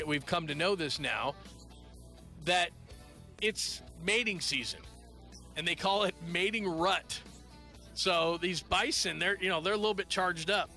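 Gravelly, bright-voiced radio host. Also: male voice, a little high. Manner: rambling, joking, loose asides. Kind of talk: late-night radio talk. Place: radio studio. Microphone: studio microphone.

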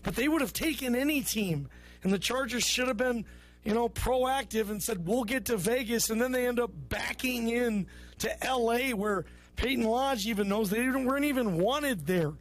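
A man's voice: very high voice, normal speed. A man hosting a sports call-in radio show, loose and chummy with callers. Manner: loose, chummy, calls callers bro and brother. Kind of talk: casual call-in radio talk.

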